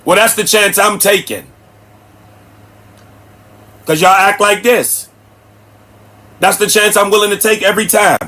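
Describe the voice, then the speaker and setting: A man's voice: sits high, fairly even intonation, a little slow, pauses often, sharp tone. A man, hosting a livestream and preaching bluntly at his chat. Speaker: livestream host. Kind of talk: ranting livestream commentary. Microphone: streaming setup mic.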